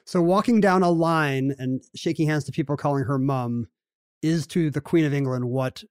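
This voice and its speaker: A man trades wry, joking asides in an easygoing podcast conversation. His voice sits a little high for a man. It comes across close and dry, with no room sound. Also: normal speed, smooth, no room sound. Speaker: podcast co-host. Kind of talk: casual chat.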